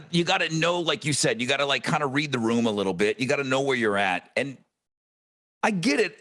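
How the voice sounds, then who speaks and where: Podcast guy telling a story, animated, cusses freely, mid-pitched voice. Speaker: podcast co-host; radio host. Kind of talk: casual podcast chat.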